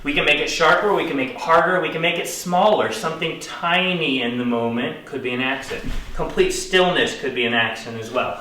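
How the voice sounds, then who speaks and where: A man's voice: fairly high pitch, fairly quick, few pauses, sharp tone, slight background noise. A man teaching an online dance lesson, counting out beats while he moves and encouraging viewers as he goes. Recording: roomy echo, distant camera mic.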